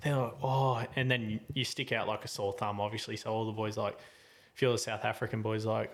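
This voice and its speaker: A man's voice: fairly low pitch, brisk. A man in his twenties hosting a podcast, telling a story in a rambling, slangy way with lots of fillers and restarts. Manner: animated, voice jumping up and down with the story. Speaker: podcast host. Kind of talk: casual storytelling chat.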